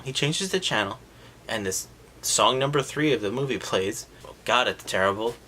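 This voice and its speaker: In a sarcastic, lively comedic movie recap, a man pokes fun at the scenes and slips into quick goofy voices for the characters. His voice sits in the mid range, with a slight hiss or hum in the recording.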